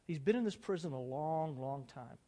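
Earnest preacher in a reverberant hall. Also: male voice, fairly high pitch, lively intonation, moderate pace, dark tone. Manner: earnest, rising to dramatic emphasis when reading. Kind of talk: sermon with dramatic reading.

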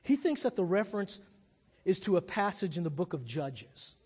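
A pastor with a somewhat high voice preaches in a thoughtful, conversational way. His voice rings out with a long reverb, as if he is in a large hall. The delivery is reflective rather than theatrical. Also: big pitch swings, moderate pace, darkish tone, husky. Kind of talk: sermon.

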